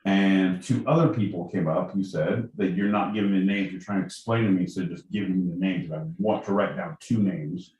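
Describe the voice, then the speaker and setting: A man's voice: sits low, moderate pace, few pauses, darkish tone. A man co-hosting a casual comedic podcast, joking, swearing and interrupting. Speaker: co-host. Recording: roomy, away from mic.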